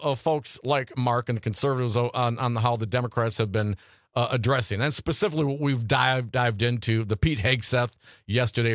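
A male radio talk show host taking calls, who gets louder and faster when fired up. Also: medium pitch, no room sound, clean studio sound. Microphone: studio mic.

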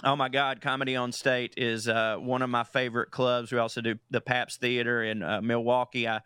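A man's voice: medium pitch, moderate pace, clean tone, no room sound. A man with a Midwestern accent, a comedian guest chatting casually on a radio show, laughing and rambling as he tells stories. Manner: laughing, rambling, animated storyteller. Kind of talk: casual radio interview chat.

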